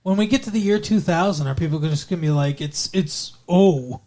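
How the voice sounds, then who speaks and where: A man's voice: fairly high pitch, a little fast, a little mellow. A man co-hosting a casual chat podcast, teasing and sarcastic, with frequent swearing. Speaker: podcast co-host.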